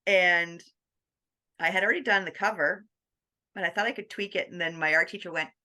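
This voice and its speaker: A woman guest on an interview podcast, telling her story in a lively, animated way. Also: on the low side, fairly quick. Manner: animated, acts out quoted dialogue with laughs.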